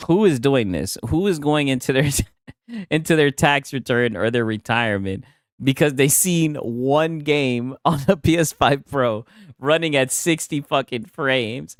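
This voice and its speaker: A man's voice: on the high side, animated, moderate pace, no echo, studio quality. A man streaming casual reaction commentary, laughing and swearing as he mocks a clip. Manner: profane, laughing, mocking.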